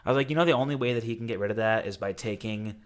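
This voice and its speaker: A young man in casual podcast chat, talking in a profane, mocking way and quick to laugh. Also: lowish voice. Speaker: podcast co-host.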